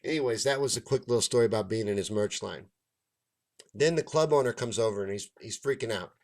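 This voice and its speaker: Profane, animated man telling a story. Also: lowish voice, brisk. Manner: profane, animated, acts out others' lines. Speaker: stand-up comedian and show host. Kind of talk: casual storytelling rant.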